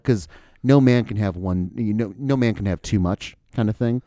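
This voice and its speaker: A man's voice: lowish voice, normal speed, dark tone, no room sound, studio quality. A man co-hosting a podcast, talking in rambling, profane, joking banter. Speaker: podcast co-host. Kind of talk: casual banter.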